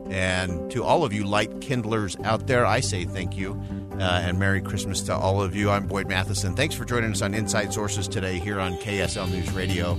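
A man's voice: deep voice, steady tone, moderate pace, loud music behind the voice. A male radio host giving an earnest, reflective closing commentary and telling a story in a studio.

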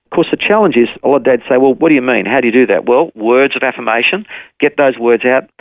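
A man's voice: mid-range voice, quick pace, no room sound. Older Australian man on a phone line. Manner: warm storytelling, repeats the host's name. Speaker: guest, ministry founder. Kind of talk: radio interview over the phone. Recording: tinny dry phone line.

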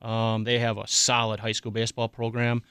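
A middle-aged man, a youth softball coach speaking as a radio guest, hesitant with many ums. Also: mid-range voice, completely flat delivery, moderate pace, clean tone. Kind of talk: casual radio interview.

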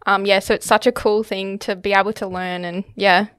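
A woman's voice: mid-range voice, level tone, fairly quick, fairly bright tone, clear, resonant tone, no echo. A woman guest answering interview questions in a hesitant way, with lots of fillers. The recording is close and dry. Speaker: artist guest. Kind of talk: casual interview.

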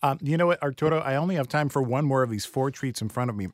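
An enthusiastic male radio host talks casually in a studio, eating and reacting with excitement. His voice is medium in pitch and sits close and dry on the studio mic, with no room echo. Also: fast talker. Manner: enthusiastic, chatty, eating while talking. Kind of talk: casual studio food chat. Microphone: studio microphone.

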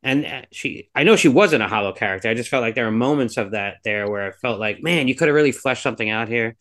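A man's voice: medium pitch, lively intonation, quick pace, fairly bright tone. A man co-hosting a podcast in casual chat, rambling and hedging with lots of fillers as he gives his views. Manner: rambling, hedging, heavy on fillers like "like" and "you know". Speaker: podcast co-host reviewing a film.

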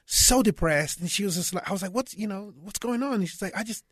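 A man with a notably high voice tells lively stories in casual chat. He often restarts his phrases and breaks into laughter along the way. The sound is dry and close. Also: fast, breathy edge, dry recording. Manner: animated storyteller with laughter. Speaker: guest.

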